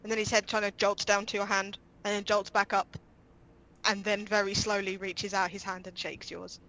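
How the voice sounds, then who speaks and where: Game master, woman, laughs a lot, crisp bright tone. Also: mid-range voice, flat delivery, normal speed, poor audio. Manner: giggly, laughs often. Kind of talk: narrating a tabletop game.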